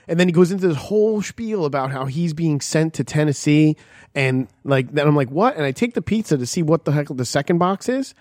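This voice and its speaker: A man's voice: on the high side, fairly quick, a little mellow, no room sound, clean studio sound. A man casually telling a long, profane story on a podcast, acting out the lines of the people in it. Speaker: podcast co-host.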